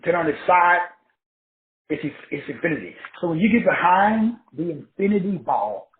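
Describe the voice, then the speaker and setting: A man's voice: high-pitched, lively intonation, normal speed. Emphatic man teaching over a tinny echoey line. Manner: spells words out letter by letter, asks and answers his own questions; emphatic, rhythmic repetition. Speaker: self-help teacher. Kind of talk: preachy teaching talk. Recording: tinny phone-like sound in an echoey room.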